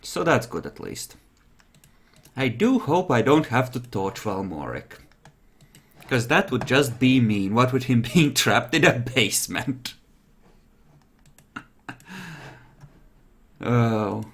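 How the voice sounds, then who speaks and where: A man running a tabletop role-playing game on a stream, relaxed and thinking aloud as he narrates and checks the rules. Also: mid-range voice, takes it slowly, long pauses, breathy edge. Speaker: game master.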